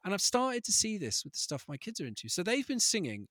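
A man in his thirties tells comic stories, slipping into little voices and quotes. His voice sits a touch high and swings widely in pitch, very animated. The sound is dry and close. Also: quick pace, no echo. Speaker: comedian. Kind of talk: comic storytelling.

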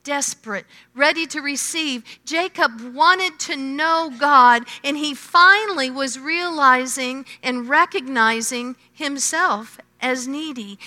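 High bright lady preaching a sermon, slow and emphatic, big echoey hall. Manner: emphatic, slow, with swelling and hushed phrases. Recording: long hall reverb.

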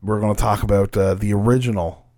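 Brief: young male podcast host, loose and profane, drifting quieter at times. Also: on the low side, steady tone, fast talker. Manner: profane, laughing, trailing off quietly. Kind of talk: casual chat.

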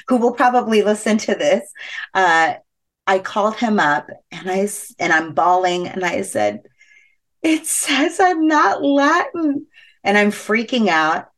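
A woman telling a personal story as a podcast guest, animated and chatty, laughing often and using many fillers. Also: mid-range voice, a little slow. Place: podcast interview.

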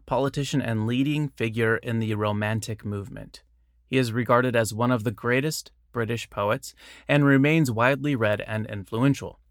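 Guy reading quotes and bios out loud, chatty asides here and there, no room sound. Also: mid-range voice, dry recording, studio quality. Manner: plain reading, breaks off for casual asides and self-corrections. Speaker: reader of quotes and biographies. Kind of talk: reading aloud with short asides.

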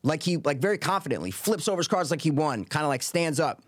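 A man with a slightly raised pitch tells a story in an animated, casual way. He curses freely. The mic sounds close and dry, with no room echo. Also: fast, husky. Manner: animated, swears freely, acts out quotes. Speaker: podcast co-host telling a poker story.

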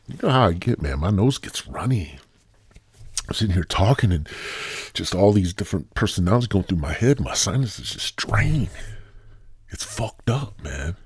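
A man hosts a podcast in a loose, profane, jokey ramble. His low, husky voice swings widely in pitch. The recording is dry and close. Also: darkish tone, dry recording. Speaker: podcast host. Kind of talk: casual rambling monologue.

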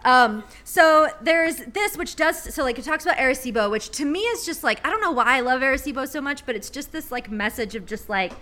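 A woman's voice: sits high, animated, fairly quick, few pauses, pushed and bright. A woman co-hosting a casual chat, rambling with many fillers and casual swearing, reading a book passage aloud. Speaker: podcast co-host.

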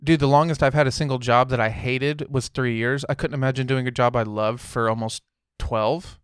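A man's voice: medium pitch, steady tone, moderate pace, clear, resonant tone, dry recording, studio quality. A young man co-hosting a podcast, talking casually in a blunt, joking way and swearing freely. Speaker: podcast co-host. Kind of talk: casual chat.

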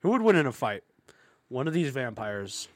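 Man, podcast co-host, casual movie commentary, chatty, restarts sentences, laughs mid-sentence, mid pitch, dry close sound. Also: sing-song, moderate pace, dry recording.

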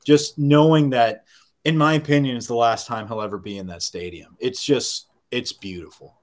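Podcast co-host, man, profane and fired up, mid-pitched voice, casual sports talk. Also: moderate pace. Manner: profane, animated, riled up.

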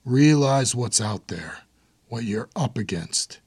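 A man's voice: mid-range voice, lively intonation, takes it slowly, darkish tone, husky, no room sound, heavily acted. A man voicing a grim, blunt hardened older brother in an audiobook.

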